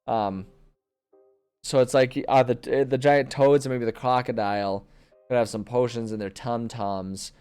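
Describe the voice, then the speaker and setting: A man's voice: mid-range voice, fairly even intonation, a little slow, darkish tone, clear, resonant tone, faint music behind. A man streaming from his desk at home, chatting casually and thinking aloud, rambling and correcting himself as he plans a tabletop campaign. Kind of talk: casual live-stream chat. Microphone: desk microphone.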